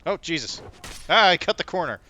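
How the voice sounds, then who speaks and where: A man livestreaming a video game, commenting excitedly, swearing and yelling at the enemies he fights. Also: a little high, fairly quick. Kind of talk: live gameplay commentary. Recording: noisy stream audio.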